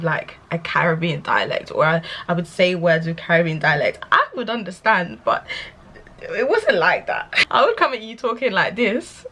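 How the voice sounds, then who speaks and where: A young woman ranting to camera as a vlogger, sassy and animated and laughing often. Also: mid-range voice, breathy edge. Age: young adult. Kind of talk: candid rant to camera.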